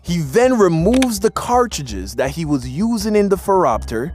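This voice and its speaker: Lively slangy male storyteller. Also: sits high, moderate pace, hardly any pauses. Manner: casual slangy street talk, acts out the people in his story. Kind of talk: animated storytime narration.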